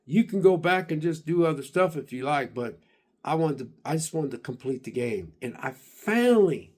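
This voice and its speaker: A man's voice: on the high side, moderate pace. A man casually recapping a video game he finished, rambling with lots of fillers and restarts. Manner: excited and emphatic about finishing. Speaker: gaming vlogger.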